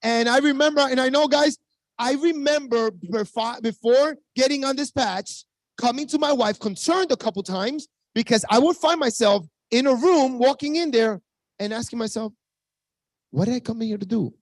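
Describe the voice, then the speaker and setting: A man's voice: very high-pitched, normal speed, no room sound. Hyped fifty-something man, Spanish-accented English. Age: 50s. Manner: hyped, talks straight to the audience, many asides. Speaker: network marketing presenter. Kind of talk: energetic sales pitch. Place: team video call stream. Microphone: video call.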